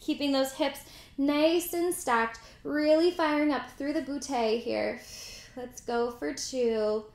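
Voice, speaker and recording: A pilates instructor leads a mat class, cueing moves, counting reps and dropping in chatty asides. Her high-pitched voice is slow with a darkish tone and reverberates around the room.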